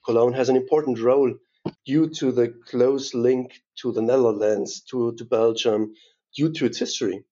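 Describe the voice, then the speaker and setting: German guy w/ accent, tourism boss in an interview, lots of uhs, mellow dark tone, bit muffled. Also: medium pitch. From Bavaria, southern Germany. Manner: hesitant, many "uh" fillers and restarts. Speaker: tourism board CEO, guest. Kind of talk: interview answers.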